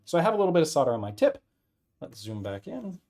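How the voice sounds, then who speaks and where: A man's voice: a little high, quick pace, creaky. Man casually demonstrating at a workbench. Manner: relaxed, thinking aloud, frequent "right?" checks. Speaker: instructor. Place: workbench with an air filter running.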